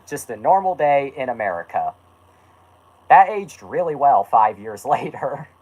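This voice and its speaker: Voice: medium pitch, big pitch swings, a little slow, darkish tone, dull audio. A host reading an old story aloud as a joke, with laughs and self-mocking asides. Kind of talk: comic read-aloud with asides.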